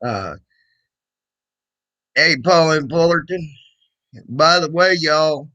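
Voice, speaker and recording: Slow-talking man hosting a livestream. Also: on the high side, bright, forceful tone, rough recording. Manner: loose and rambling, greets chatters, many fillers and restarts; mocking singsong when teasing. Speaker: livestream host. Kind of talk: casual livestream commentary.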